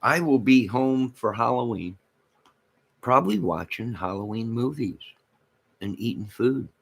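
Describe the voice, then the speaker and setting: A man's voice: medium pitch, animated, measured pace, vocal fry, breathy edge. A man hosting a casual livestream, rambling and joking with his chat viewers, with a toothless way of speaking. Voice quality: toothless speech. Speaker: livestream host.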